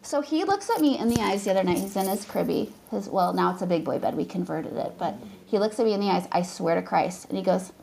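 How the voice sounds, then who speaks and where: A woman's voice: medium pitch, expressive, quick pace, creaky, few pauses, mellow, a little hiss or hum, poor audio. A tired woman in her thirties, a podcast guest, telling profane, rambling stories full of acted quotes in casual chat.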